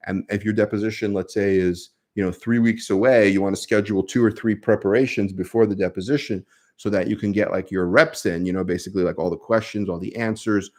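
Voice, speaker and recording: A man's voice: fairly low pitch, steady tone, a little fast, darkish tone. A man with a New York accent, a lawyer answering viewer questions on a casual live stream, speaking conversationally with many fillers.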